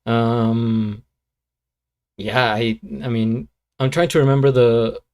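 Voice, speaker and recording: A man hosting a live reaction stream, chatting at an unhurried pace. He drifts between thoughts, corrects himself and fills the gaps with ums and likes. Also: mid-range voice. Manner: relaxed, rambling, lots of fillers and self-corrections. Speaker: streamer reacting to beatbox videos. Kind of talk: casual live-stream commentary.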